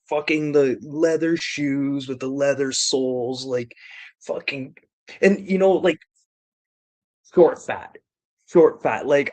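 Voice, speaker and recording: A man's voice: medium pitch, a little mellow, no room sound. Man, casual streamer, rambling and profane storyteller, dry close mic. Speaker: renovation contractor.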